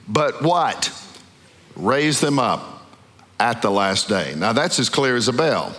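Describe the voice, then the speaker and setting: Pastor preaching in a reverberant hall. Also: male voice, medium pitch, animated, pushed and bright. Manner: call-and-response questions to the congregation; emphatic, slows down on key words. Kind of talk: sermon. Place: church sanctuary. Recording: long reverb of a large hall.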